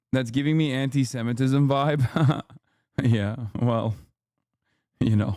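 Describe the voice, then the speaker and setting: A male streamer giving animated, profane, sarcastic live commentary in a casual rant. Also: medium pitch, measured pace, pauses often, no room sound, clean studio sound.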